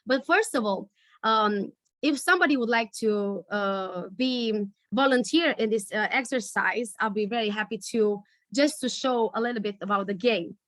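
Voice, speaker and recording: A woman leading a storytelling workshop over a video call, searching for words with many pauses and fillers. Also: a little high, fairly bright tone, no echo, clean studio sound. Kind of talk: online workshop teaching.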